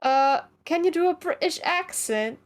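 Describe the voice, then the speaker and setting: A woman's voice: very high-pitched, lively intonation, a little slow. A woman joining a casual read-along as a guest, reading the narration lines plainly and adding wry asides. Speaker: guest co-reader.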